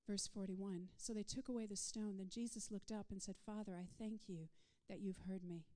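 A woman preaching a sermon, swinging from soft whispered passages to loud, rising declarations in a repetitive call-and-response rhythm. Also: mid-range voice, steady tone, normal speed.

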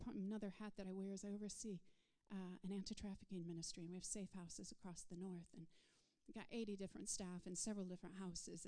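A woman preaching a sermon, swinging from soft whispered passages to loud, rising declarations in a repetitive call-and-response rhythm. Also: medium pitch.

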